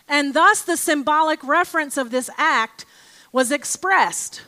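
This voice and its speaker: A woman giving an informal Bible teaching, reading aloud from scripture and a commentary with emphatic, expressive delivery. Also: high-pitched, a little slow.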